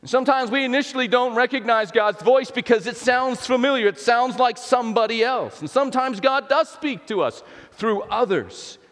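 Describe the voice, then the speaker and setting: A man's voice: extremely high pitch, normal speed, few pauses, fairly bright tone. A man preaching a sermon in a church, in a conversational style with many restarts and playful asides. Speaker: pastor. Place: church sanctuary. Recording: long reverb in a large hall.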